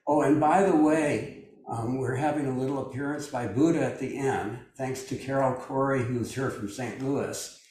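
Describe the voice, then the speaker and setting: In a very echoey room with a distant mic, an older man leads a meditation group by video call. He speaks at a moderate pace in a medium-pitched, darkish voice, musing loosely and using many fillers.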